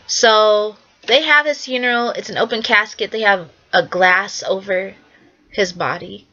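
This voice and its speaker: A woman's voice: medium pitch, fairly even intonation, unhurried, pushed and bright, highs cut off. A young woman artist giving a casual, earnest spoken presentation, repeating herself for emphasis and often acting out quotes. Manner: earnest, repetitive, acts out quotes. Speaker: artist presenting her work.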